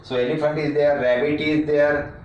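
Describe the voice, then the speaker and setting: A man teaching a classroom lecture on reading methods, talking slowly and repeating himself, with many fillers and restarts. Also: a little high, little pitch movement, distant mic, highs cut off, slight background noise. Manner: slow and repetitive, with frequent fillers and restarts. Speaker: teacher educator. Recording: echoey room, speaker away from the mic.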